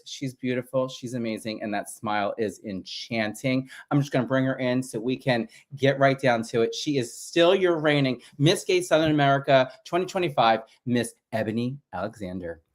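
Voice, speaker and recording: A man's voice: mid-range voice, moderate pace, few pauses. A man hosting a livestream interview, flamboyant and gushing with compliments for his guest, talking over a video call. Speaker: podcast host.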